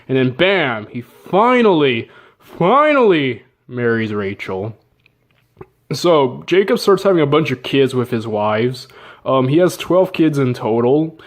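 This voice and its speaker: A man casually retelling an old story with jokes, slang and asides. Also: mid-range voice. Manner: joking, slangy, with fillers and laughs. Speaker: narrator.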